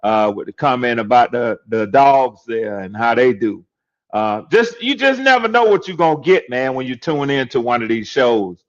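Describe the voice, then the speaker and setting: A man's voice: mid-range voice, animated, moderate pace, highs cut off. An older man talking casually on a podcast panel, laid-back and drawling, often saying "yes, sir.". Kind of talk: casual chat.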